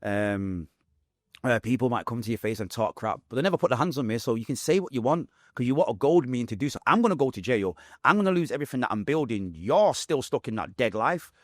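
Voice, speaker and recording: A man's voice: mid-range voice, expressive, fast talker, no echo, clean studio sound. A man with a Manchester accent telling his life story as an interview guest, emotional and blunt with street slang. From England.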